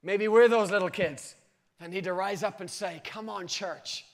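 A man preaching a sermon to his church, telling a story and reading scripture, his voice climbing to loud, drawn-out cries and then dropping low and quiet.

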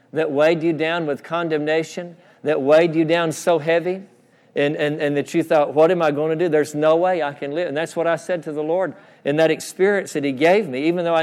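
A man preaching a sermon, repeating phrases and calling for responses from the congregation. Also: on the high side. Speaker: pastor. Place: church sanctuary. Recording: long church reverb.

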